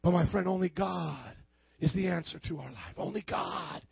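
A man preaches with fervor and a strikingly high voice. He acts out both sides of each argument and builds up to shouted points. The recording sounds muffled and dry, with no room echo. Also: moderate pace, creaky, slightly rough. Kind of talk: sermon.

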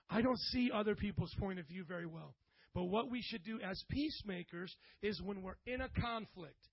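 A middle-aged man preaching a sermon to a congregation, animated and joking, rising now and then to loud bursts. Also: sits high, creaky, husky, dry recording, dull audio. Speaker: pastor.

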